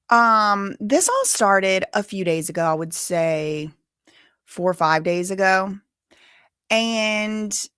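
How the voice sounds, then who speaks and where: A woman hosting a live stream, chatting casually and rambling to her viewers, and she sounds tired and low on energy. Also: fairly bright tone, clear, resonant tone, no room sound, studio quality.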